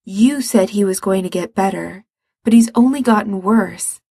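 A woman's voice: medium pitch, moderate pace, creaky, dark tone, slightly rough, no room sound, studio quality. A woman voicing an anxious young man who insists, in a pleading way, on finding help for his sick brother. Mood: insistent.

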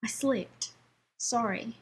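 A woman's voice: on the high side, takes it slowly, breathy edge, heavily acted. Woman reading a tired, protective older brother. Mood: flat. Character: weary, protective older brother, a teenage boy.

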